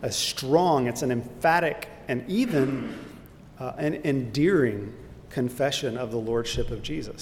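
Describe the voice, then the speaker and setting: A man teaching a Bible study lesson in an earnest, explanatory way, pausing with fillers and restarts. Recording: echoey hall with faint rumble.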